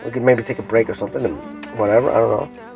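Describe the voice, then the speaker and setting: A man's voice: medium pitch, fairly even intonation, rapid-fire, vocal fry, darkish tone, soft background music, poor audio. A man talking casually to the camera in a rambling, profane monologue full of fillers and restarts.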